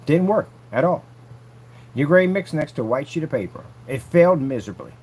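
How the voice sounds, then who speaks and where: A man's voice: fairly high pitch, lively intonation, brisk, a little mellow, breathy edge. A man vlogging casually from a work site, taunting a rival in a boastful, repetitive way. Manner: taunting, boastful, repeats himself. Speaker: vlogger selling projection screen paint.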